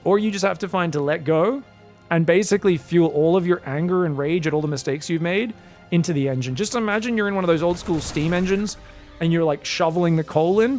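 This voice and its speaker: Male esports caster, high voice, excitable and jokey, faint music underneath. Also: brisk. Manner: excitable, jokey, rambling asides. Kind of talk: live game commentary.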